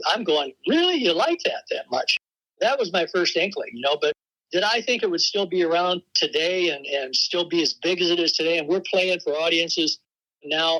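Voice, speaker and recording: An older man, a veteran rock drummer, telling stories in a relaxed interview and laughing often. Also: a little high, rough recording. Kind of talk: casual interview talk.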